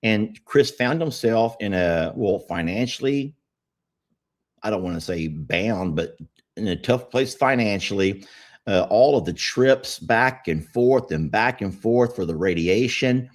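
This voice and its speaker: A man's voice: lowish voice, animated, a little slow. A man, co-hosting a casual podcast chat and telling rambling stories. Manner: rambling storytelling, easygoing. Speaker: podcast co-host.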